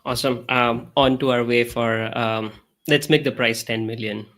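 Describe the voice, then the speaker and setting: A male co-host asks questions in a bright, forward voice. He pauses often and fills the gaps with small filler sounds. His pitch stays in an ordinary middle range. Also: fairly even intonation. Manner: hesitant, many filler sounds. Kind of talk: casual webinar interview.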